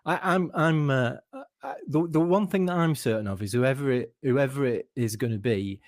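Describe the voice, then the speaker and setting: A man's voice: medium pitch, moderate pace, dry recording, clean studio sound. A man co-hosting a casual football podcast, thoughtful and restarting sentences as he thinks aloud.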